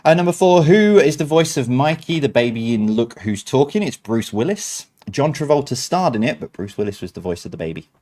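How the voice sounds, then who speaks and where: A man's voice: medium pitch, big pitch swings, a little fast, few pauses, mellow. A man hosts a quiz night over a stream. He reads each answer in a chatty, easygoing way. He breaks off now and then with self-mocking remarks. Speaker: quiz host.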